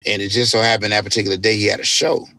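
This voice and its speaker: Guest DJ, male, lowish gravelly voice, dry close sound, loose animated storyteller with swearing. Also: racing, no room sound. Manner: animated, profanity-laced storytelling. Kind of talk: casual storytelling interview.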